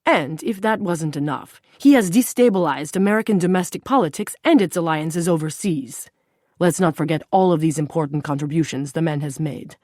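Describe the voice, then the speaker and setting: A woman's voice: low-pitched, moderate pace, a little mellow, dry recording, clean studio sound. A woman voicing an anxious male political handler who talks earnestly and turns faltering and defensive when pressed.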